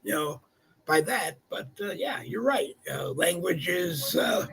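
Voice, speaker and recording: A man's voice: sits high, very animated, takes it slowly, creaky, a bit bright, rough recording. A man from California, co-hosting a casual chat show and telling chatty anecdotes. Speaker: co-host.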